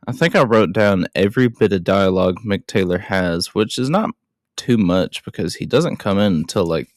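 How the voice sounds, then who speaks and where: A man's voice: on the low side, no room sound, clean studio sound. A young adult man hosting a show, chatting through a movie recap in a rambling way with casual swearing. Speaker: podcast host.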